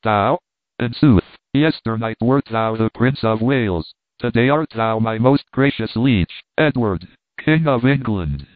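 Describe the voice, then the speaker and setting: A man's voice: on the low side, a little slow, no echo, natural voice. A man doing a formal, deferential courtier. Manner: archaic courtly address. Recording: tinny phone-like dry recording.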